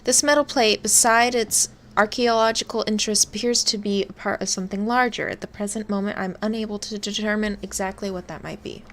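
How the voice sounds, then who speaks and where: A woman's voice: mid-range voice, steady tone, fairly quick, few pauses. A young woman gives casual game commentary, reading on-screen text aloud in a chatty way. She swears offhandedly and stumbles over long words, and a faint hiss sits behind her voice. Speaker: game streamer.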